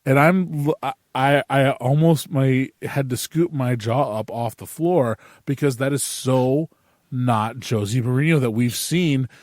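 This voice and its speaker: Animated male podcast host, dry sound. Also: medium pitch, unhurried, no room sound. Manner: animated, incredulous storytelling. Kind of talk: casual sports chat.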